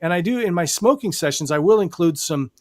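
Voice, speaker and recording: Man, hypnotist host, casual rambling chat, higher voice, dry close sound. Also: animated, a little fast, dry recording. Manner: rambling, many restarts and fillers. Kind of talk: casual live show chat.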